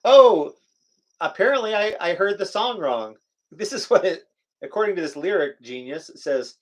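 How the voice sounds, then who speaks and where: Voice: mid-range voice, animated, normal speed. Jokey west coast co-host on a home live stream, goofing around, webcam mic. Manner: playful, jokey, reads lyrics aloud. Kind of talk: casual live chat.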